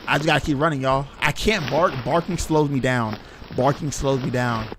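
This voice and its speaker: A man's voice: medium pitch, moderate pace, noisy background. A young man streaming a horror game, reacting casually with slang and talking to his chat. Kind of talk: live gameplay commentary.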